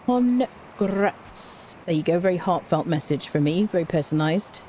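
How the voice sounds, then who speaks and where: A woman's voice: fairly low pitch, expressive, normal speed, mellow, slight background noise. Playful woman streaming a game. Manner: chatty and playful, often laughing, slangy. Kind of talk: casual live-stream chat while gaming.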